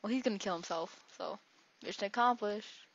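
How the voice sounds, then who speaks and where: A woman's voice: medium pitch, normal speed. Rambling woman commenting on gameplay. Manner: rambling, jokey, talks to herself. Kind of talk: casual let's-play commentary. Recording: dull lo-fi recording.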